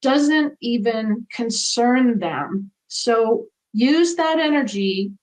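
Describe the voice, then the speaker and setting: A woman's voice: on the high side, lively intonation, drawn-out words, darkish tone, rough recording. A middle-aged woman being interviewed as a guest, talking in an earnest, reflective way about what she has lived through. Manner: earnest, reflective, speaks from personal experience. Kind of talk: conversational interview.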